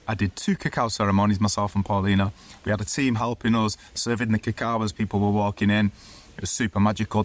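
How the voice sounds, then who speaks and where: Young Mancunian man, fairly low voice, chatty and effusive, rambles with fillers, casual talk to camera. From Manchester, England. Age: young adult. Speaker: cacao ceremony facilitator. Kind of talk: casual spoken reflection.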